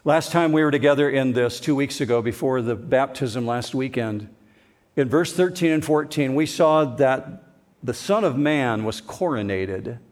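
A man's voice: mid-range voice, a little mellow. A male pastor delivering a sermon, conversational yet strongly emphatic, leaning hard on key words.

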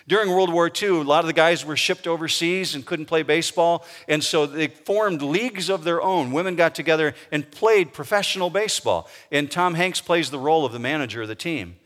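A male pastor preaching a sermon, emphatic, slowing down to stress key words. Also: a little high, fairly bright tone. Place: church sanctuary. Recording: long reverb of a large hall.

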